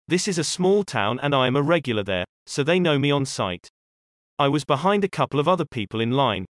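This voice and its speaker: A man's voice: medium pitch, no room sound. Man narrating stories in a dry room. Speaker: narrator reading posted stories. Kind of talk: scripted narration.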